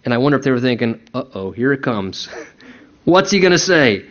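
A man's voice: medium pitch, very animated, moderate pace, a bit bright. A man preaching a conversational sermon as a pastor, acting out quoted voices as he goes. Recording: dull lo-fi recording.

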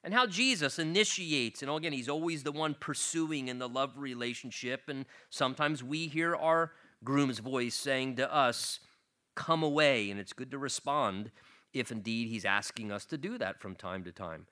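A pastor giving an earnest expository Bible-teaching sermon, repeating himself as he explains and turning animated as he retells the scripture. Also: medium pitch, moderate pace.

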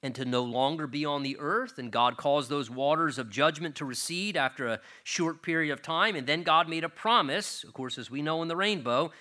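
A man's voice: a little high, normal speed, few pauses, sharp tone. An older man, a grandfather, preaching an earnest sermon, swelling and dropping in volume to stress key words.

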